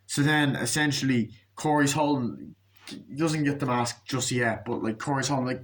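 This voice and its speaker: A man's voice: medium pitch, moderate pace. Sweary man ranting about a movie. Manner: sweary, sarcastic, acts out scenes in mocking voices. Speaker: movie reviewer. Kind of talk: casual profane rant.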